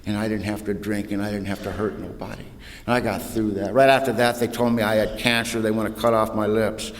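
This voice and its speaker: A man's voice: lowish voice, level tone, fairly quick, a little hiss or hum. Blunt older man in an echoey hall. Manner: blunt, plain-spoken, peppered with "man" and "you know". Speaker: recovery meeting speaker. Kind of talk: humorous personal testimony. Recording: echoey hall with long reverb.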